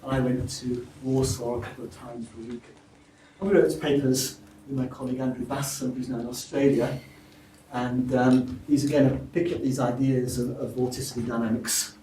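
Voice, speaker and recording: Man, academic lecture, halting with restarts, faint background hiss, distant mic. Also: mid-range voice, flat delivery, warm tone, echoey room. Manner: halting, many restarts and fillers. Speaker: lecturer at a symposium. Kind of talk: academic seminar talk. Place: seminar room.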